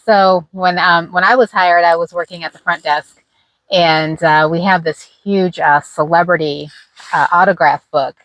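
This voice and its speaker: A middle-aged woman chats through her stories in a fairly low voice, full of fillers and easy laughter. The sound is dry and close, with no room around it. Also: steady tone, unhurried, a bit bright, no room sound, rough recording. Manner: chatty, laughing, many fillers. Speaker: host. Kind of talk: casual storytelling chat.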